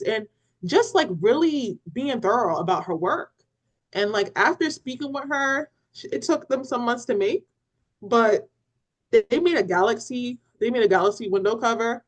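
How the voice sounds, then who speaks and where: Poor audio carries a slightly high female voice at a moderate pace. Animated and laughing, this parenting-podcast co-host tells a story in easygoing conversation and acts out what people said.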